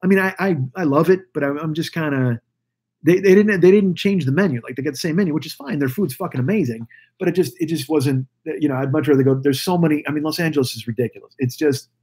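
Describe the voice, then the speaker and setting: A man in his forties talks alone into the mic, swearing freely and circling back on himself mid-sentence. His voice sits a bit high for a man and has a husky, breathy edge. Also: fast talker, a little mellow. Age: 40s. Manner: profane, rambling rant with restarts. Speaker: podcast host. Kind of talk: solo podcast monologue. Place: Los Angeles.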